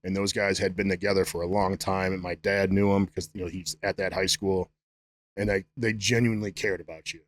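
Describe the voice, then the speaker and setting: A strength coach guesting on a podcast tells loose, profane stories about his football coaches in casual chat, acting out their quotes. His voice sits low with a level tone and a slightly fast pace.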